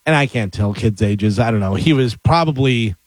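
A man's voice: medium pitch, normal speed, no room sound. A middle-aged man telling stories in a casual chat with friends, acting out other people's voices as he goes. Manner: animated storyteller who acts out other people's voices.

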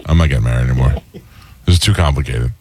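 A man's voice: a bass voice, rapid-fire, warm tone. A man hosting a radio talk show, bantering casually in a wry, playfully exasperated way.

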